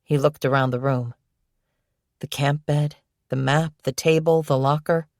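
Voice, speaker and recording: A woman reading a novel aloud as narrator, in steady, measured storytelling. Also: deep voice, no echo, clean studio sound. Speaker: audiobook narrator. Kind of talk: scripted narration.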